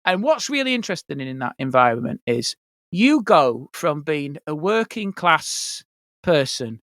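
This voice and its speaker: A man's voice: fairly high pitch, very animated, normal speed, fairly bright tone, dry recording, studio quality. A man, a guest comedian, telling funny anecdotes on a podcast and slipping into mock-posh voices for quotes. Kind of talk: comic storytelling on a podcast. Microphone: podcast mic.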